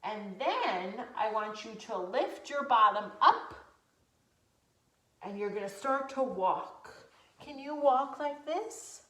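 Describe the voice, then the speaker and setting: A woman's voice: on the high side, animated, slow, fairly bright tone. A woman teacher leading young children through a movement lesson, encouraging and sing-song. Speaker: preschool teacher. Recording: echoey room.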